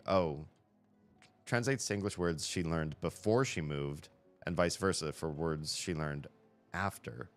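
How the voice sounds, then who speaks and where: A man's voice: deep voice, measured pace, faint music behind. A man hosting a live stream, rambling through casual chat and correcting himself as he thinks aloud into a headset mic.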